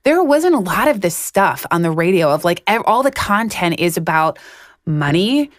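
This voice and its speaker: Lower-voiced woman in her 40s, podcast cohost, fired up and blunt, dry close mic. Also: moderate pace, dry recording. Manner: animated storytelling, heated and frank. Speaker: podcast co-host. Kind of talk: casual chat.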